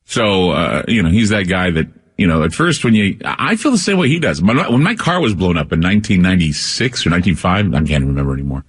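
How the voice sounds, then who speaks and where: A man's voice: sits low, sing-song, quick pace, hardly any pauses, husky, in a large hall. A man hosting a radio talk show, telling a rambling personal story with many restarts.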